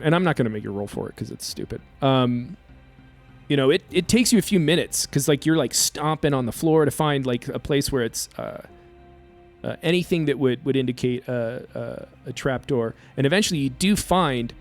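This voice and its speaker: A man running a tabletop game as game master, narrating the scene in a halting way full of fillers. His voice sits at a middling pitch, with faint music behind.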